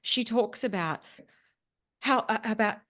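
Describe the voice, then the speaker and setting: A woman's voice: a little high, unhurried, fairly bright tone. A woman speaking coach as a podcast guest, talking animatedly and acting out quotes in mock voices. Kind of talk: casual interview chat.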